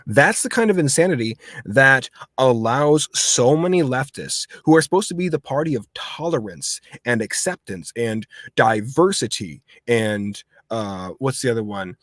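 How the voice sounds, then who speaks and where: A man hosts a casual livestream chat, rambling and heated as he circles back and restarts his sentences. His voice sits at a middling pitch and sounds dry and close, with no room around it. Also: animated, normal speed, hardly any pauses, a bit bright, no room sound. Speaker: host.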